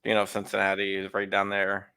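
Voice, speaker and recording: A man's voice: fairly low pitch, monotone, a little fast, bright, forceful tone, clean tone, no room sound. A man hosting a casual live-stream interview, rambling with frequent restarts and chuckles. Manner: rambling, restarts often, laughs while talking. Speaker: host.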